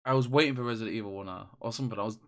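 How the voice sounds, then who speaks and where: A man co-hosting a casual gaming podcast, telling stories in a rambling, animated way with many restarts. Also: fairly low pitch, rapid-fire. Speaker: podcast co-host. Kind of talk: casual chat.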